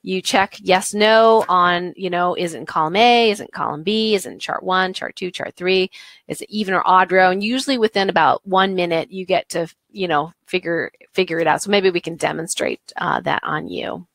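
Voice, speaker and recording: Woman, lowish voice, gentle, chatty online class, dry close sound. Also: fairly even intonation, moderate pace, no room sound. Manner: gentle, conversational, thinks aloud with many fillers. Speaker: holistic health teacher. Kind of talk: live online workshop teaching.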